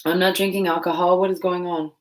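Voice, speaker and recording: A woman hosting a casual livestream while painting, chatting loosely and joking at herself in quick asides. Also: on the low side, level tone. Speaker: livestream host. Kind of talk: casual live-stream chat while painting.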